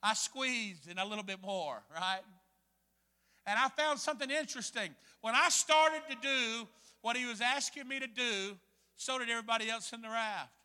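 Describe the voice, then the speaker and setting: A man preaches with a strikingly high voice and a bright, forceful edge. He tells his story with sharp swings between hushed asides and loud bursts. His voice rings with the long reverb of a church hall. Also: moderate pace, clear, resonant tone. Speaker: pastor. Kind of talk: sermon.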